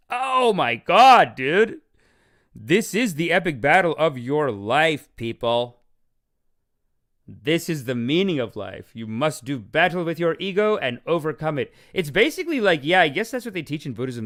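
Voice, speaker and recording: Swearing and laughing frequently, a podcast host chats in a loose, rambling, jokey way. He has a mid-range voice with a fairly bright tone.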